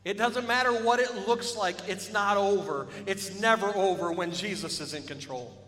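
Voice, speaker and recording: A pastor preaching with a high, bright, forceful voice. He swells into shouts and asks the congregation to join in. His voice rings through a long-echoing church hall over faint music. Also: moderate pace. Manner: preaching with rising shouts and call-and-response. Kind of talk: sermon. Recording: echoey hall with music behind.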